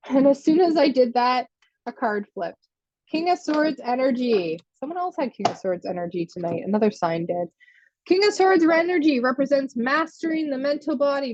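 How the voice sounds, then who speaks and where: A woman's voice: a little high, dull audio, a little hiss or hum. A woman giving a chatty live tarot reading, laughing often and answering viewer comments as she goes. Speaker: tarot reader.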